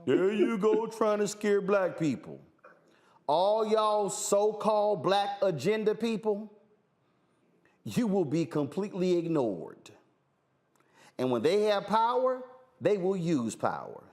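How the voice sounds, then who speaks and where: High-voiced fiery male talk show host. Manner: emphatic, repeats phrases for force. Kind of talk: fiery political commentary.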